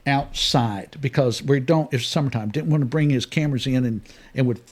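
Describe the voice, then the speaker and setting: A man's voice: a little fast, breathy edge. An older man, a guest telling fishing stories in a casual studio chat, acting out voices with big jumps. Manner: animated storyteller, acts out quoted voices with big pitch jumps.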